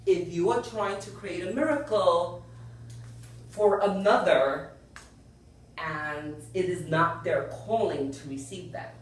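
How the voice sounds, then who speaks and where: A woman giving a spiritual lecture to a group, earnest, often checking in with "yes?" and "you know". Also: on the low side. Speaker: spiritual teacher. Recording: very echoey room, far from the mic.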